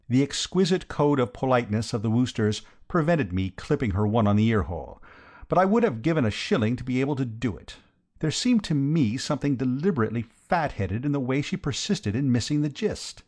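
A man's voice: medium pitch, sing-song, a little fast, a little mellow. Wry male audiobook narrator. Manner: dry, wry, conversational storytelling. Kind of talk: first-person comic audiobook narration.

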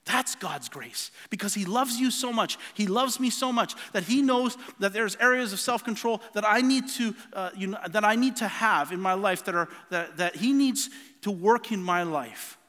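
A man's voice: sits high, moderate pace, sharp tone, long reverb tail. A man preaching a sermon, telling a personal story earnestly with many restarts and repeated words.

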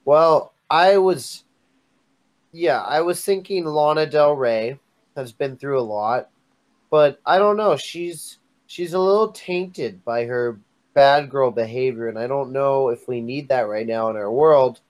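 A man's voice: mid-range voice, unhurried. A man co-hosting a comedy podcast, musing aloud in a hesitant way with many fillers. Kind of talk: comedic casual chat.

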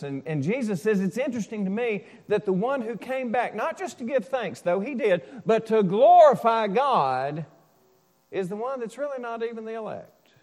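Man, pastor, conversational sermon, loud then soft, big reverberant sanctuary. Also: high-pitched. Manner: conversational preaching with asides and stories, swings loud and soft.

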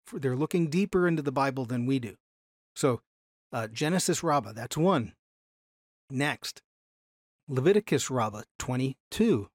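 A man teaching a Bible class from slides in an animated way, slowing down to stress key phrases. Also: medium pitch, no room sound, clean studio sound.

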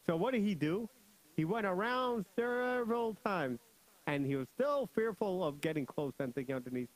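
A young man hosting a children's radio show, joking, laughing often and telling stories in an animated way. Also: high voice, moderate pace, low-quality recording. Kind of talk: playful storytelling for kids.

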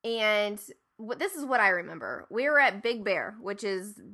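A woman's voice: mid-range voice, sing-song, moderate pace, bright, forceful tone. A woman in her thirties from Ohio, telling a family story in casual chat, acting out quoted lines and swearing freely.

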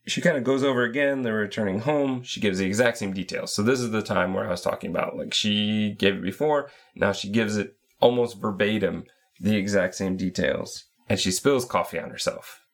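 A man's voice: lowish voice, brisk. A man co-hosting a casual podcast, methodically recapping the scenes of a game. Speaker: podcast co-host.

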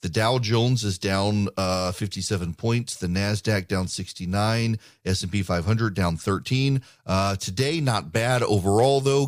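This political talk radio host, who grew up in the United Arab Emirates, has a lowish voice captured in clean studio sound with no echo. His delivery is emphatic, and he tends to repeat words when beginning sentences.

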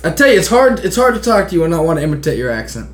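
A man's voice: a little high, very animated, very fast, reverberant. A man interviewing in a casual comedic chat, rambling and stumbling over his words. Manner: rambling, stumbling, laughs often. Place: room in Oregon.

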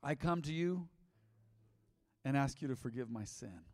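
A man preaching as a pastor, emphatic, repeating lines and swinging between loud and soft. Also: medium pitch, expressive, measured pace. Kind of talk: sermon. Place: large church hall. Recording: long hall reverb.

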